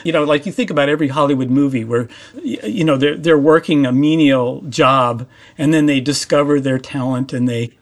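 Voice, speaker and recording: Higher-voiced curious male host. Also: a little fast. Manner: curious, rambling questions with fillers. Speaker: interviewer, host. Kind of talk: interview conversation.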